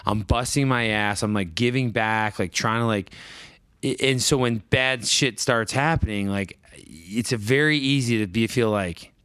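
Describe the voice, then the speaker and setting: Rambling low-voiced man telling stories. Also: unhurried, clean tone, no echo. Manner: rambling, animated, acts out quoted voices. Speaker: podcast guest. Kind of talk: casual storytelling conversation.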